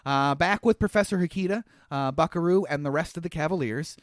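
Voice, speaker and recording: A man's voice: a little high, a little fast, no echo, clean studio sound. A man in his thirties co-hosting a podcast, retelling a movie's plot in casual chat with frequent laughter and asides. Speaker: podcast co-host.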